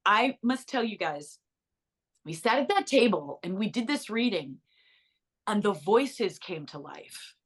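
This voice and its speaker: A middle-aged woman, an actress and author, telling stories in a bubbly interview chat with quick asides. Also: medium pitch, big pitch swings, breathy edge.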